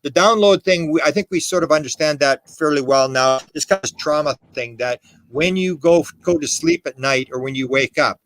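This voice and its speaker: Emphatic rambling man, slightly high voice. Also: normal speed, fairly bright tone, no room sound. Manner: emphatic, rambling with restarts and quoted dialogue. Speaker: podcast guest, UFO historian. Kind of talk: animated conversational storytelling.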